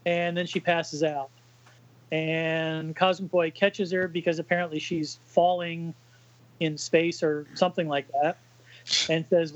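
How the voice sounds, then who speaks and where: A man with a high-pitched voice talks through a comic book in casual podcast chat, hesitating often along the way. The sound is slightly dull and very dry, close to the mic. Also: level tone, no room sound. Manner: halting, with many fillers. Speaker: podcast co-host reading a comic aloud.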